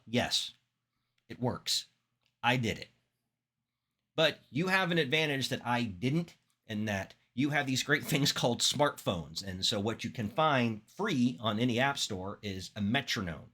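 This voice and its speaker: A man teaching public speaking in an instructional talk, demonstrating vocal techniques with expressive examples. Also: mid-range voice, a little slow. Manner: demonstrates voices, animated and expressive.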